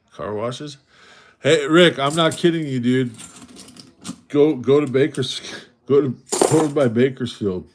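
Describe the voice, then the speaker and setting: A middle-aged man from Los Angeles tells a long, winding story on a casual livestream. He trips over and restarts his sentences, stays animated, and keeps a steady mid-range pitch. Soft clicks and clinking coins sit faintly behind him. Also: a little hiss or hum. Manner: rambling, animated storyteller who restarts sentences and reads chat aloud. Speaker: coin roll hunting livestream host.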